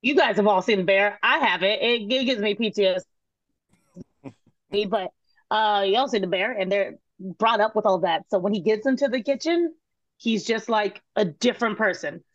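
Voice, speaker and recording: A woman, a guest telling casual stories in an interview, animated and laughing, swearing and acting out quotes. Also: medium pitch, moderate pace, no echo, muffled recording. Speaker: guest, former cooking show contestant.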